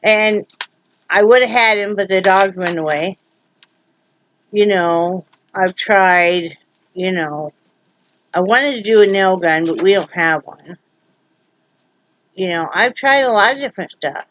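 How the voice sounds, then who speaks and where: A woman's voice: medium pitch, unhurried, pauses often, fairly bright tone, dull audio, slight background noise. A woman vlogging from home in a casual, rambling way, joking and full of fillers. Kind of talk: casual vlog chat.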